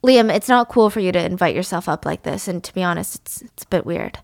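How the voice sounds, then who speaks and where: A woman's voice: lowish voice, expressive, fast, vocal fry, no echo, clean studio sound. A woman voicing an uncomfortable man who hesitantly asks an unwelcome guest to go. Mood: uneasy. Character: uneasy young man asking an intruder to leave.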